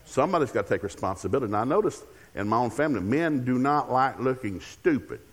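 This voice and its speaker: A man's voice: medium pitch, animated, quick pace, in a large hall. An older man preaching as a guest speaker in a church, telling humorous family stories and acting out the dialogue. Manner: humorous storytelling with acted-out dialogue. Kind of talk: sermon. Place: church sanctuary.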